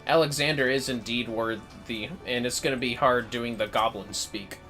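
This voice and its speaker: A man talks casually into his desk mic while streaming a game, swearing freely and answering chat. His voice is bright and forceful at a middle pitch, and faint game music plays underneath. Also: steady tone, normal speed. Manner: chatty, swears freely, reads chat aloud. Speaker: livestreamer. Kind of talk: casual gameplay commentary.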